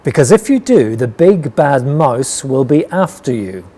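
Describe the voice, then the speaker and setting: A man voicing a big gruff male monster father in a storybook reading, speaking slowly and gravely. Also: medium pitch, sing-song, dark tone. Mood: solemn.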